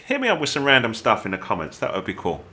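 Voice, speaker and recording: With a medium-pitched voice full of huge pitch swings, an English man speaks quickly in a bright, forceful tone. He hosts a gaming channel, joking and chatting through a video game tutorial.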